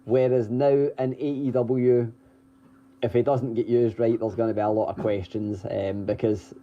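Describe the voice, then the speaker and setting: On dull, lo-fi audio, a podcast co-host runs down this week's wrestling news in a casual, talkative manner. His mid-range voice holds a level tone at normal speed, punctuated by plenty of ums, restarts and occasional chuckles.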